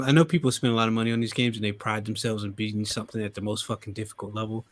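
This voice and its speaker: A man hosting a casual podcast chat, animated, swearing and laughing as he talks. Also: fairly low pitch, racing. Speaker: podcast host.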